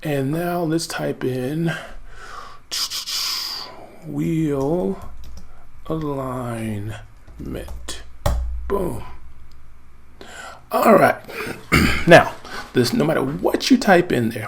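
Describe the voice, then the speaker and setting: Gravelly, chatty American man teaching. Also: fairly high pitch, unhurried. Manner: chatty, thinks aloud while typing, excitable. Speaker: marketing coach. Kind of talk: casual screen-share tutorial.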